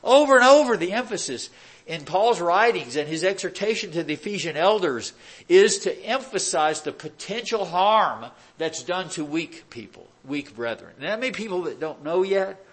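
A man's voice: on the high side, fairly bright tone. A man preaching a verse-by-verse sermon in a conversational way, with rhetorical questions and dry sarcastic asides. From United States. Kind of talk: expository sermon.

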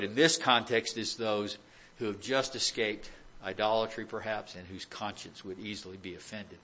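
An American man with a fairly low, slightly bright voice preaches a verse-by-verse expository sermon. His delivery is conversational, peppered with rhetorical questions and dry, sarcastic asides.

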